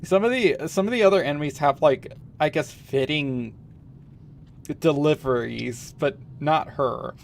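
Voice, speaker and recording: A man's voice: on the high side, unhurried, creaky, a little hiss or hum. A man streaming a game, musing and rambling in casual commentary, chuckling now and then.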